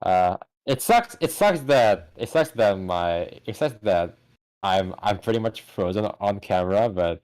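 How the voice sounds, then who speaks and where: A man's voice: fairly low pitch, a little slow, clear, resonant tone. Podcast dude ranting about movies, swings up and down a lot, trips over his words. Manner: animated, stammering restarts, swears. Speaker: podcast co-host. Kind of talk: casual chat.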